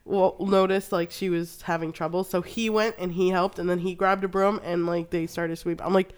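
A woman's voice: on the low side, steady tone, normal speed, hardly any pauses, smooth. A woman co-hosting a podcast, telling casual stories with frequent laughs and swearing. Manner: storytelling, swears freely, laughs often. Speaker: podcast co-host. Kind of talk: casual chat.

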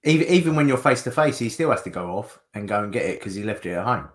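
Easygoing man, lowish voice. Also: animated, quick pace. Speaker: podcast co-host. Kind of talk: casual chat.

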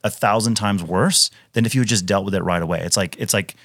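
A man's voice: on the low side, fast talker, a bit bright, no echo, clean studio sound. A man in his thirties from Wisconsin, a retired Navy SEAL, talking casually as a podcast guest with emphatic restarts and lots of fillers. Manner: emphatic, frequent fillers and restarts, says "dude" often. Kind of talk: casual conversational storytelling.

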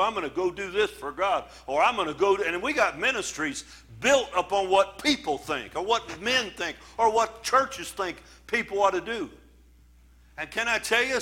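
High, bright-voiced male pastor preaching. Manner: preaching with scripture readings, emphatic and conversational. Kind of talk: sermon.

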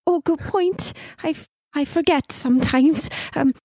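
A woman's voice: high voice, a little slow, mellow, no echo, clean studio sound. A woman playing in a tabletop game, talking hesitantly with stammers. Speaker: player.

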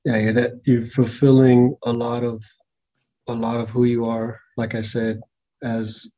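A male podcast host interviewing a guest, affirming and a little halting. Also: medium pitch, level tone, dark tone. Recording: guitar music underneath.

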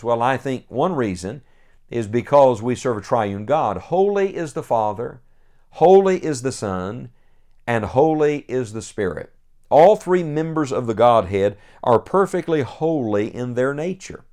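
A man preaching a radio Bible teaching, earnest and emphatic, slowing down to stress quoted scripture. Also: mid-range voice, a little mellow.

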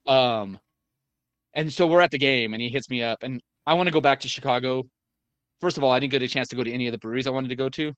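A man's voice: mid-range voice, fast, a bit bright, clear, resonant tone, no echo. Man rambling through a story, dry close sound. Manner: rambling storyteller, many fillers and restarts, casual swearing. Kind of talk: casual chat.

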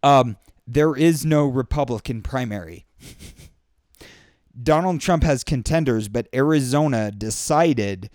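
The podcast host here has a darkish tone and talks a little slowly, captured in a dry, studio-quality recording. His monologue is an exasperated, swearing rant, peppered with high-pitched impressions meant to mock.

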